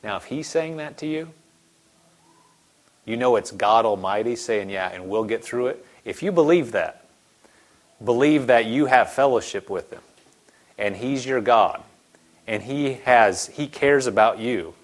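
In a mid-range voice at a measured pace with frequent pauses, a man preaches a sermon in an earnest, conversational style, acting out quoted voices. What begins animated later turns quiet and gentle.

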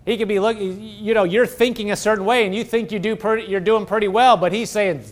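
A man preaching a sermon, swinging from loud, excited exclaiming to low, hushed tones. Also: a little fast, few pauses.

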